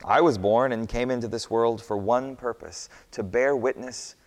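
A man voicing a calm, soft-spoken prisoner on trial, speaking quietly and slowly. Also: mid-range voice, natural voice. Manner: quiet, measured. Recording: long hall reverb.

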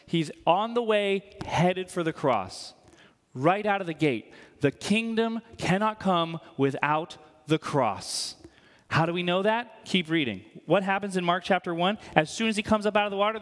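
A man preaching a sermon in church, animated and conversational, quizzing the congregation. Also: sits high. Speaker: pastor. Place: church hall. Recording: long hall reverb.

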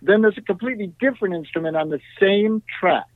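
A man's voice: high-pitched, quick pace, no echo. Man telling stories over a tinny line. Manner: animated, tag questions, frequent "you know". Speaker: guest musician. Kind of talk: storytelling in a podcast interview. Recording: tinny dry phone-like line.

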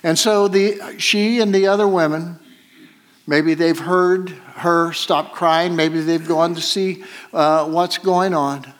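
A man preaching a sermon, retelling a scripture story slowly with many pauses and fillers. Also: a little high, fairly even intonation.

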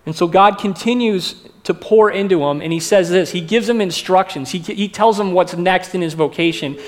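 A man's voice: high-pitched, normal speed. A male pastor preaching a sermon in a conversational way, asking the congregation questions.

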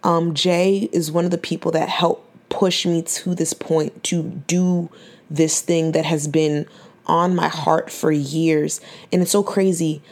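A woman's voice: low voice, little pitch movement, slow pace, darkish tone. A 21-year-old woman giving an earnest, faith-filled personal testimony on her podcast, fighting back tears and often restarting her phrases. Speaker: podcast host.

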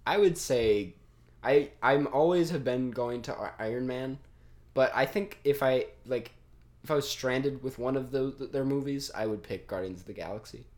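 A man's voice: mid-range voice, normal speed, darkish tone. A young man hosting a casual podcast chat, rambling and trailing off, laughing often. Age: young adult. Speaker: podcast host.

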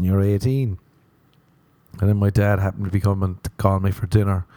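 On his casual podcast, a sunburnt Irish comedian rambles through crude, playful tales, putting on mocking voices for the people he quotes. He talks fairly quickly in a deep, mellow voice with fairly even intonation, and the recording has no room sound.

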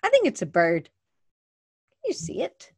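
A woman's voice: mid-range voice, wildly swooping pitch, slow, darkish tone, husky, no echo, clean studio sound. A woman hosting a casual livestream from her desk, rambling and chatty, often restarting her sentences. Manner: moves around at her desk. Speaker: podcast host. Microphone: webcam at desk.

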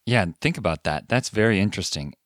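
A man's voice: on the low side, lively intonation, quick pace, fairly bright tone, dry recording, studio quality. A man co-hosting a podcast, explaining ideas through everyday examples and laughing easily. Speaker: podcast co-host. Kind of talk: casual podcast conversation.

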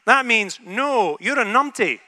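Bright-voiced Scottish male preacher. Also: very high voice, expressive, a little slow, no echo. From Scotland. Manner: humorous, conversational, frequent tag "right?". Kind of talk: sermon. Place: in a room with an audience.

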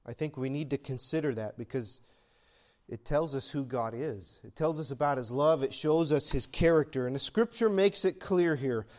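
A man's voice: mid-range voice, moderate pace, a little mellow. A man preaching a sermon in a conversational style that swells into emphatic peaks. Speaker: pastor.

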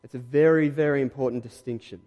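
A man with an Australian accent preaching a sermon in a conversational, emphatic way, pushing louder on key points. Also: mid-range voice, steady tone, quick pace, big-room sound, highs cut off. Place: church hall.

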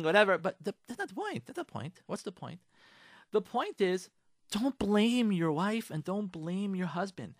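A man's voice: high voice, fairly bright tone, no echo, studio quality. A man hosting a radio show, giving marriage advice in an emphatic monologue that repeats lines and fires rhetorical questions at listeners. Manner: addresses listeners directly, coaxing.

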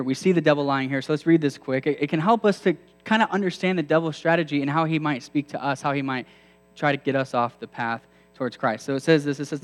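A male preacher giving a sermon in a conversational way, often asking his listeners questions. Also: on the high side. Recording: long hall reverb.

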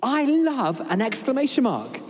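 This is a man preaching in a large church hall, animated and humorous, often acting out little scenes. His voice sits high and swings widely in pitch. Every phrase rings out with a long reverberant tail from the hall. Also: normal speed. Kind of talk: sermon.

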